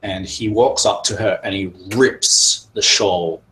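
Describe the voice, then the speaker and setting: A man narrating as game master in a tabletop game, pausing often with fillers. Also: fairly low pitch, a bit bright, rough recording. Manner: hesitant, many pauses and fillers.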